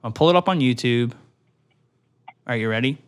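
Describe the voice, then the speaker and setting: A man co-hosting a casual podcast, animated, swearing and laughing freely. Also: mid-range voice, moderate pace, clean tone. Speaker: podcast co-host.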